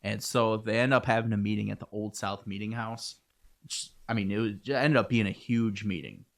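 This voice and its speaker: Low-voiced man hosting a casual podcast. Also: brisk, gravelly. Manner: joking, loose, with filler words and swearing. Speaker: podcast co-host. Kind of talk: casual history podcast chat.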